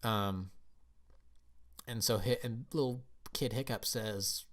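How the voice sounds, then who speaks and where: A man's voice: lowish voice, slow. Rambling enthusiastic man recapping a film. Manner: rambling, enthusiastic retelling with frequent restarts. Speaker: film reviewer. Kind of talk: casual movie recap and review.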